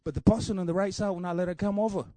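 A man preaching a sermon with passion, building repeated refrains up to shouts and dropping low to tell a story. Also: steady tone, racing, no echo. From Africa.

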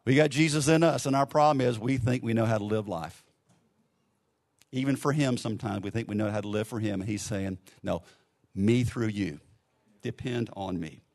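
A man's voice: mid-range voice, fairly quick. Conversational male preacher telling a story. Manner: conversational storyteller, drops to a soft hush for quiet lines. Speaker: pastor. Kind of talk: sermon with a story and a closing prayer.

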